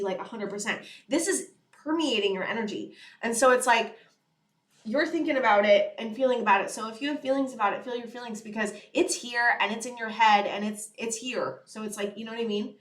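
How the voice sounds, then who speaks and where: A young tarot reader speaks a little fast in a slightly high voice, her casual channeled reading to camera echoing with reverb. She's earnest and rambling, repeatedly using "you know" and "it's like."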